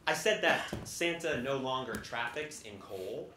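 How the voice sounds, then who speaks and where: A man's voice: medium pitch, expressive, measured pace. A man performing a comic stage monologue in a theater, sardonic and full of character voices. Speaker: stage actor in a one-man show. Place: theater stage with live audience. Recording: roomy theater sound with noise.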